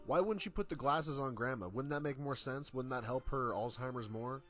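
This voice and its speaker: A man's voice: mid-range voice, lively intonation, normal speed, pauses often, a bit bright, no room sound. A young man rants in a sarcastic, exasperated tone and swears freely. His voice sits in the middle range. The room is dry and close. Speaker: YouTube reviewer. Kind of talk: ranting commentary.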